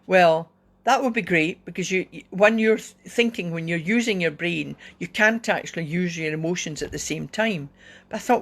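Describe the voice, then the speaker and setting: A woman hosting a casual livestream talk, gentle and encouraging, with many small fillers. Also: fairly low pitch, moderate pace. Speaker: self-help host. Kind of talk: casual facebook live talk.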